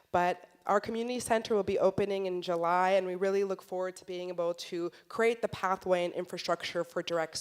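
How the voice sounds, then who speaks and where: A woman speaker closing her conference talk on stage, earnest and measured as she encourages the audience. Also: mid-range voice, clear, resonant tone.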